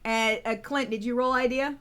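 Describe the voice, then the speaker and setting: A woman running a tabletop game as game master, playful and casual, with quick asides and swearing. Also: a little high, fairly even intonation, a bit bright, smooth.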